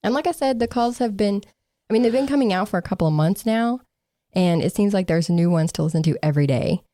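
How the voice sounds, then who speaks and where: Sarcastic woman podcaster, dry and mellow. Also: mid-range voice, fairly quick, no room sound. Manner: sarcastic, laughing, mocking quotes. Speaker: podcast co-host. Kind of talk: casual true-crime podcast chat.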